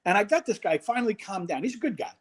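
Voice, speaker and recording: A middle-aged man, a former college football head coach, telling an animated story in a casual interview and acting out the voices in it. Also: sits high, fast talker, breathy edge.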